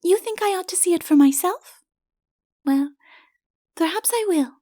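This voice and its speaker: A woman voicing a gentle, playful young princess in an audiobook, with a light, lilting, teasing delivery. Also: extremely high pitch, animated, normal speed, no room sound, clean studio sound, pitched above the performer's own voice. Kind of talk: audiobook character voice.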